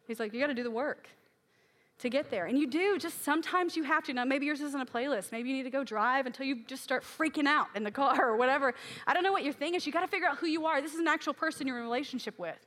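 A woman's voice: high voice, racing, fairly bright tone. A woman preaching a sermon in a candid, emotional way, acting out her own prayers aloud and sounding tired from crying.

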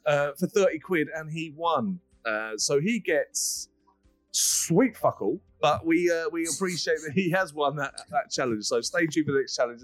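A man's voice: a little high, dry recording, low-quality recording. A man hosting a podcast in an upbeat, jokey, rambling way. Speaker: podcast host. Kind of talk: casual podcast chat.

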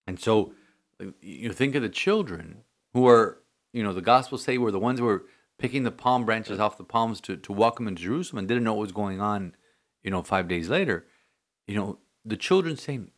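Male priest podcast host: lowish, earnest, rambling, loose chat. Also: normal speed. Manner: earnest, rambling with many restarts and "you know".

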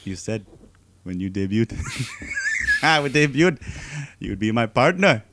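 A man's voice: low-pitched, steady tone, a little slow, very noisy. Man putting on a wrestler's accent, jokey, half-serious impression. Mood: mocking. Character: wrestler father and son, male, mimicked with accent.

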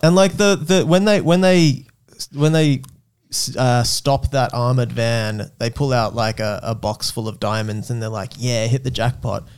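A man's voice: medium pitch, a little slow, clean tone. A man in a casual movie review chat, blunt and swearing, often restarting his sentences.

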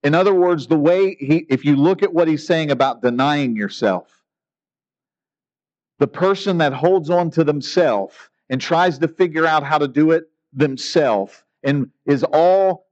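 Slow-preaching man, higher voice. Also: a little mellow, dull audio. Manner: earnest, emphatic preaching with rhetorical questions. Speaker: pastor. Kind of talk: sermon.

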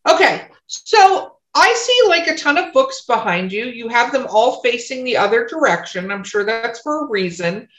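Bright-voiced woman host in an echoey room. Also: a little high, sing-song, moderate pace, few pauses. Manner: conversational, asks questions. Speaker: podcast host. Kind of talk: casual interview chat.

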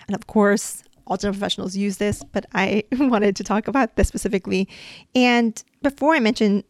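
A woman's voice: mid-range voice, a little mellow, no echo, clean studio sound. A woman hosting a podcast as a dental hygienist, giving a casual lesson in a chatty, explanatory way and coaching her listeners.

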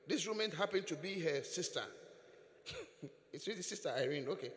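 Man, preacher, sermon, animated, chuckling, echoey church hall. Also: sits high, moderate pace. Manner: animated storytelling, chuckling often. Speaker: bishop preaching.

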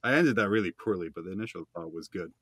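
A man's voice: low voice, animated, quick pace, a bit bright, breathy edge, no room sound, studio quality. A man co-hosting a podcast, riffing jokes and quips about the story in casual chat. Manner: jokey, riffs on the story with quips. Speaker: podcast co-host.

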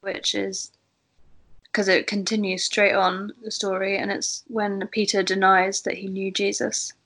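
Woman, group leader, calm and steady delivery, low pitch movement. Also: unhurried. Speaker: Bible study group leader. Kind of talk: casual group discussion.

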